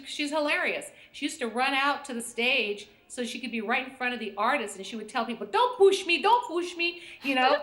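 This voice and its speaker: Fairly high in pitch with a fairly bright tone, this middle-aged American woman is a guest on a call-in show. An intuition teacher, she keeps the chat casual, storytelling and laughing frequently, in an echoey-sounding room.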